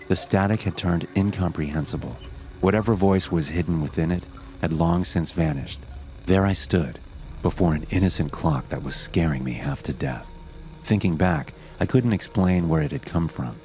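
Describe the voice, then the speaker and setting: A man giving scripted horror story narration in a steady, measured way. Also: low-pitched.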